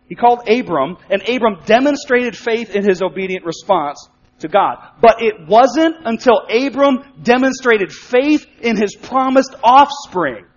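High-voiced preacher in an echoing hall. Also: male voice. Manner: conversational preaching with playful voiced asides. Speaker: pastor. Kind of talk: sermon. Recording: dull sound with long hall reverb.

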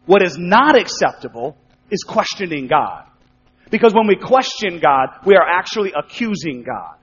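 A man preaching a sermon in a conversational way, acting out quick spoken asides. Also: sits high, sing-song, breathy edge. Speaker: pastor. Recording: dull sound with long hall reverb.

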